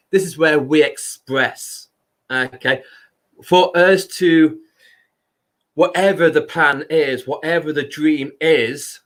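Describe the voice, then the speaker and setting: A man hosts a live stream in a loud, chatty voice. He speaks slowly and unhurriedly, as if chatting with friends. His pitch sits in a middle range. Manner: unhurried, chatty, talks to viewers by name. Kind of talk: casual live stream talk.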